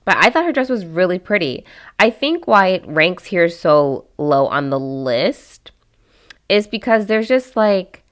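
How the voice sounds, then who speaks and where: Very animated yet at a measured pace, a female vlog host with a notably low voice gives casual commentary, speaking frankly and chattily while frequently trailing off, restarting and filling gaps with fillers.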